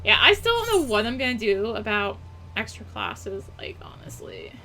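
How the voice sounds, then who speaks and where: Bright, lively woman playing a game. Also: on the high side, moderate pace, a little hiss or hum. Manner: chatty, wry asides. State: hiccups. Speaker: let's play host. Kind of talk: casual game commentary.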